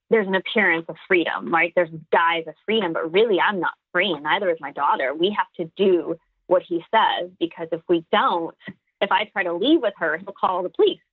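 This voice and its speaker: A Texan woman comedian, guesting on a podcast by phone, talks fast and emphatically in a casual interview chat, often restarting her sentences. Her voice sits on the low side, and the recording is dry, with a tinny phone-line quality.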